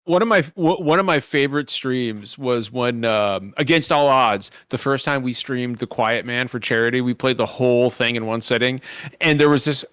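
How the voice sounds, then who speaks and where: A man's voice: medium pitch, moderate pace, clean tone, no echo. Guy cohosting a gaming podcast, tells stories all worked up, cusses a lot, dry close mic. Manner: animated storyteller, swears freely. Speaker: podcast co-host. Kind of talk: casual gaming podcast chat.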